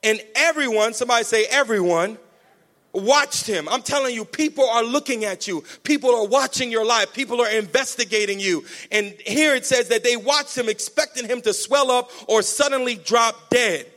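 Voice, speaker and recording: High-voiced man preaching in a reverberant hall. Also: normal speed. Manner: energetic call-and-response preaching. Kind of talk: sermon.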